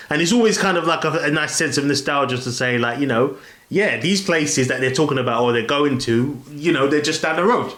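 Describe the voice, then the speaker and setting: A man's voice: a little high, brisk, a bit bright. Rambling man reviewing a film, echoey room. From London, England. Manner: rambling, many fillers and restarts. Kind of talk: casual spoken film review.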